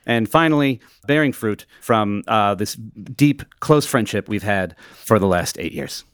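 Animated, joking American man co-hosting. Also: lowish voice, measured pace, dry recording, clean studio sound. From United States. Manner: playful, joking, laughs often. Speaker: podcast co-host. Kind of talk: casual chat.

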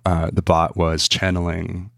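A man's voice: low-pitched, completely flat delivery, unhurried, vocal fry, no room sound, clean studio sound. A man, a journalist guest in an interview, speaking thoughtfully and repeating words as he searches for them. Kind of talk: interview conversation.

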